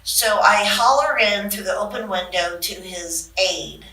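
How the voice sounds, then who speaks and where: An older woman, a guest on an interview show, telling stories in a lively way and acting out the people she quotes. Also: mid-range voice, a little slow. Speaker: interview guest, longtime aide. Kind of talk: anecdotal storytelling in conversation. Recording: echoey room, distant mic.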